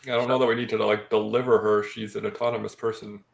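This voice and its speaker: A man's voice: lowish voice, flat delivery, quick pace, vocal fry. A man playing a tabletop game, talking casually in a dry, wry way. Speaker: player.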